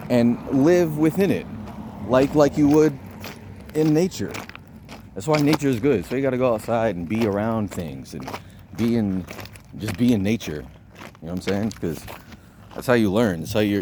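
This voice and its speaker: A man's voice: fairly low pitch, mellow, slight background noise. A man talking to the camera in a casual, rambling vlog, swearing a lot and often restarting his sentences. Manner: rambling, profane, repeats words and restarts often. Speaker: vlogger giving dating advice.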